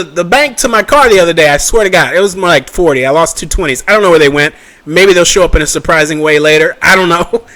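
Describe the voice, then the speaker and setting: A man's voice: sits high, pushed and bright. A young man giving a casual screen-share trading lesson, chatty and checking in with the viewer often. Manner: chatty, checks in with "okay?" and "right?" often, mutters at his computer. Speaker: trading educator.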